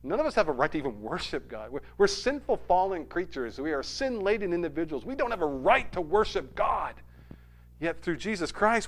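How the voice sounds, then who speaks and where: A man with a high-pitched voice delivers a sermon as a pastor. He swings from loud, emphatic peaks to quiet, low asides. He asks rhetorical questions and repeats key phrases for weight. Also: big pitch swings, brisk.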